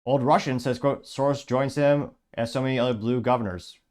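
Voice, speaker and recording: A man's voice: medium pitch, steady tone, a little fast, a little mellow. A man hosting a commentary show, reading out social media comments and adding wry, offhand asides with frequent restarts. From Illinois.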